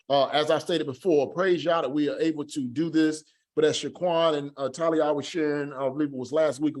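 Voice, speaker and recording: A man's voice: fairly high pitch, a little mellow. Patient man teaching a class. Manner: patient, repeats words slowly to drill pronunciation. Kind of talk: online class lesson.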